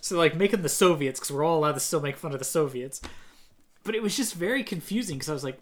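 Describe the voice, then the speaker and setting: A speaker in casual chat, reviewing a movie with a co-host in a quick, questioning way. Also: mid-range voice, lively intonation.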